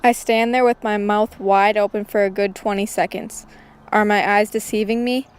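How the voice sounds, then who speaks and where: A woman's voice: mid-range voice, steady tone, normal speed, clean tone. A woman reading a first-person realistic fiction story aloud, voicing the characters' lines lightly in her own voice.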